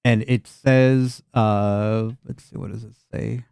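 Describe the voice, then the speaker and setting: A man's voice: fairly low pitch, fairly even intonation, slow pace, gravelly, a little mellow, clean tone, dry recording. A man narrating as the game master of a tabletop game, describing scenes in a loose, rambling way with many restarts.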